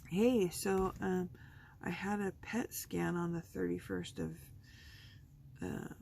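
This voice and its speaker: A woman's voice: lowish voice, steady tone, slow pace, creaky, warm tone, a little hiss or hum. A woman hosting a craft video, chatting casually and thinking aloud as she works at her table. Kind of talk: casual chat while crafting.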